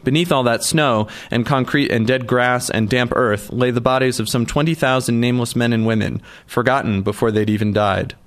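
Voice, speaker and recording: A man reading a novel aloud in a measured storytelling manner. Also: mid-range voice, steady tone. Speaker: audiobook narrator. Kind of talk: scripted narration.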